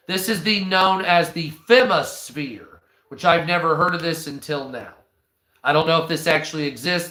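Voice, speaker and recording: A man's voice: a little high, bright, forceful tone. Rambling, profane man in an echoey room. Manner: rambling, profane, offhand asides. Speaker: news commentary host. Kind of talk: casual commentary on news articles.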